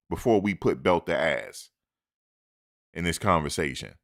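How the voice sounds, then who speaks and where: A man with a very low voice talks sports straight into a close microphone. He is emphatic and animated, hammering points home by repeating them. He lectures his audience like a fired-up commentator. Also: a little slow, creaky, pauses often. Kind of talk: opinionated sports talk.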